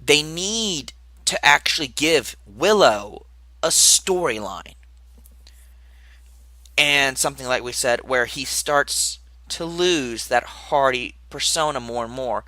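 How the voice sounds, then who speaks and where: A man's voice: mid-range voice, expressive, slow pace, bright, forceful tone, dry recording. A young man recapping a wrestling show in a casual, rambling podcast style, with asides and muttered remarks.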